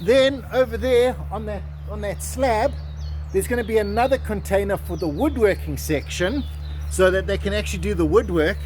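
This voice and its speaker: High-voiced excitable man on a walking tour. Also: moderate pace, a little hiss or hum. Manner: excitable, jokey, mock salesman patter. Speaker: travel vlog host. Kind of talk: casual walking tour to camera. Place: outdoors on a garden estate.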